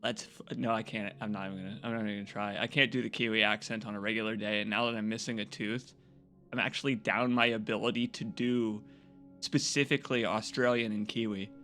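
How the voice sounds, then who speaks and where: Excitable male game streamer chatting. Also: on the low side, quick pace, faint music behind. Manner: excitable, rambling, jokey. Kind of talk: casual live-stream chat.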